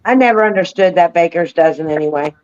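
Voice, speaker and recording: A woman's voice: lowish voice, quick pace, a little mellow. A woman in a casual group chat, teasing and familiar, calling friends honey. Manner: teasing, familiar, calls others honey and girlfriend. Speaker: guest in a live chat. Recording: dull lo-fi line with faint hiss.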